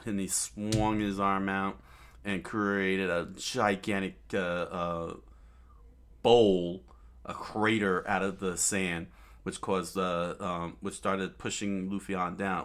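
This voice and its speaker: A man casually reading a comic aloud, halting often and restarting his sentences with amused asides. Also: low-pitched, little pitch movement, fairly bright tone, smooth. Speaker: comic reader.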